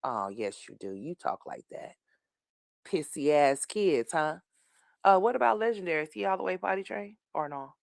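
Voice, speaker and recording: A woman with a low, deep-set voice delivers a profane commentary rant, scolding and mocking her target. The sound is dry and close, with no room around it. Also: sing-song, brisk, gravelly, no echo. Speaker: commentary host.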